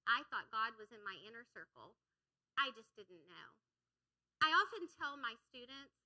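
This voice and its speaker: A woman's voice: on the high side, sing-song, normal speed, sharp tone, poor audio. A middle-aged woman, a pastor's wife, preaching a sermon in a church, earnest and repeating phrases for emphasis. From United States. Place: church sanctuary.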